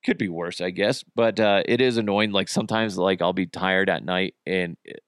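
A man hosting his own podcast, rambling and joking with sudden high-pitched bursts. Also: normal speed, smooth, dry recording, studio quality. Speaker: podcast host. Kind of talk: casual solo podcast chat. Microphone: camera and studio mic.

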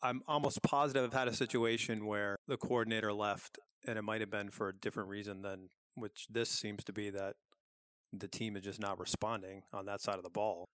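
A former coach talking college football in a measured, thoughtful way. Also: male voice, on the low side, level tone, a bit bright, dry recording. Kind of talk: casual sports talk.

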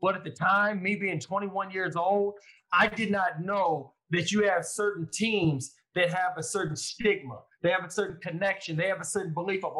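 A man, a former pro football player, telling his story in a casual interview, animated and quoting his own thoughts. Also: high-pitched, normal speed, low-quality recording. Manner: animated, lively retelling with quoted inner thoughts.

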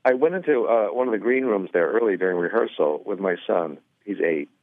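A man's voice: fairly low pitch, lively intonation, fairly quick, dry recording. A middle-aged man, a comedian calling in as a guest, chatting easygoingly with lots of fillers over a phone line. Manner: easygoing, rambling with many fillers. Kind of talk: phone interview chat. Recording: tinny dry phone line.

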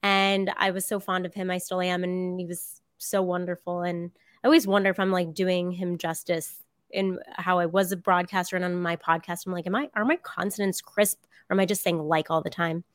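A woman's voice: fairly low pitch, little pitch movement, a little fast, no room sound, studio quality. A woman hosting a podcast in a casual interview, chatty and bubbly, often saying "um" and "like". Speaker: podcast host.

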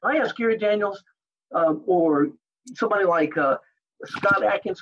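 A man, a martial artist and actor, telling animated anecdotes in an interview and acting out other people's lines. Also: sits high, moderate pace, dull audio. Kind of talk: storytelling interview.

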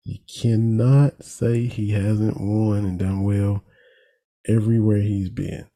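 A man from Eastern Kentucky with a country accent speaks slowly at a fairly low pitch as a talk host. His sports commentary is casual and folksy, animated, and he laughs at his own jokes.

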